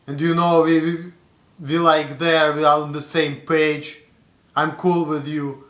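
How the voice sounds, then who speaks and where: A young man from Russia talks straight to the camera in a Russian accent, blunt and rambling, full of fillers. His voice sits a bit high and sounds bright and forward. The room around him is echoey. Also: flat delivery, a little slow. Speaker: vlogger. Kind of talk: casual talk to camera.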